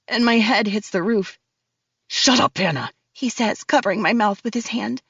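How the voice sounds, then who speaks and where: A woman's voice: on the high side, dry recording, lo-fi sound. A woman narrating a first-person thriller audiobook in a tense, breathless way.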